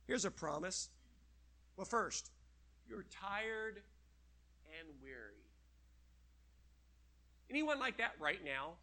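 A middle-aged man preaching a sermon with emphatic, animated delivery, slowing down to read scripture. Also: sits high.

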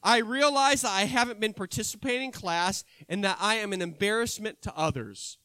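A man's voice: high-pitched, a little fast, bright, forceful tone, clear, resonant tone, no room sound. A man voicing a trembling, despairing young student. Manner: trembling, self-loathing.

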